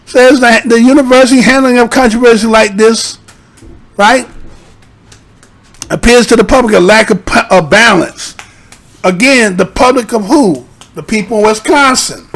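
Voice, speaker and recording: A man's voice: very high voice, moderate pace, pauses often, a bit bright. A man giving casual, profane vlog commentary, rambling and argumentative, leaning on rhetorical tags like "right?" and "you understand?". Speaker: YouTube commentator.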